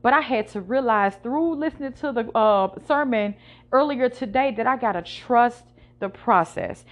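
A woman hosting her own podcast, speaking candidly and emotionally in a casual monologue with slang. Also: on the high side. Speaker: podcast host. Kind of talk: personal confessional monologue.

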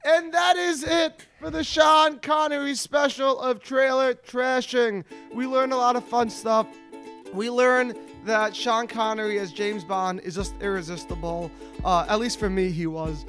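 A man hosting a casual movie podcast, animated and laughing, with a sing-song sign-off. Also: extremely high pitch, a little slow, soft background music. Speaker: podcast host. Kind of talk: casual chat.

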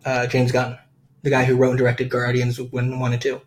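A man's voice: mid-range voice, completely flat delivery, moderate pace, a little hiss or hum. A young man hosting a casual podcast, rambling with many fillers and frequent laughter. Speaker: podcast host. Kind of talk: casual chat.

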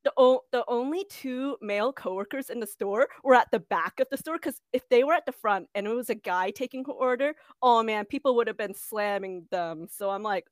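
A young woman casually telling a story about a job, animated and acting out the people in it. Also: a little high, normal speed, no echo. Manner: animated, acts out quoted voices. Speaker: podcast co-host.

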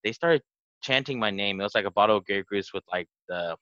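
Low-voiced young man telling a rambling story. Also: a little fast, bright, forceful tone, no echo, dull audio. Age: 20s. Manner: rambling, full of "like" fillers. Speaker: podcast host. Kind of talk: casual storytelling.

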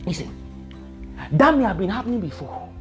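A woman's voice: medium pitch, very animated, moderate pace, a little mellow, faint music behind. A woman preaching a sermon, emphatic and repetitive, often laughing as she talks.

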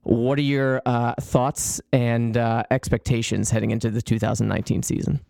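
A man's voice: medium pitch, flat delivery, normal speed, gravelly, warm tone, dry recording, studio quality. A man hosting a casual sports podcast, friendly and enthusiastic as he introduces guests and leads the chat. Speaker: podcast host.

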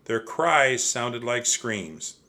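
A man reading a children's chapter book aloud. His voice is bright and clear. He reads steadily and expressively. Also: mid-range voice, lively intonation, drawn-out words. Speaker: narrator. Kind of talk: audiobook storytelling.

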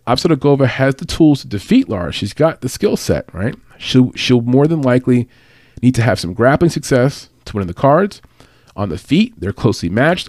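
A man's voice: mid-range voice, darkish tone, no echo, clean studio sound. A man giving casual fight predictions and betting tips, chatty, with fillers and small laughs. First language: English. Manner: chatty, laughs at own remarks, lots of fillers. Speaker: fight analyst and betting tipster.

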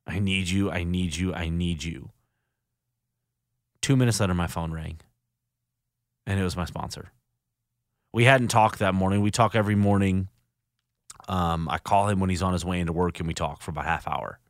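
Low-pitched and free of echo, the voice is that of a solo studio podcaster. His delivery is earnest and thoughtful but halting, with frequent restarts.

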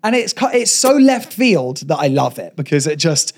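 Brief: male podcast co-host, lively swooping delivery, playful anecdote teller. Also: fairly high pitch, moderate pace. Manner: animated storytelling, playful. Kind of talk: casual chat.

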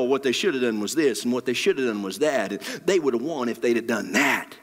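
A man preaching a sermon into a handheld mic, swinging between loud, dramatic lines and near whispers. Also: a little high. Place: church sanctuary. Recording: long hall reverb.

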